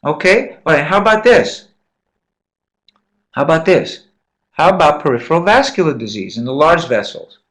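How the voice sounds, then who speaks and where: A man's voice: on the high side, expressive, moderate pace, pauses often, a bit bright. A man lecturing medical students in a classroom, quizzing them, repeating key points and encouraging answers.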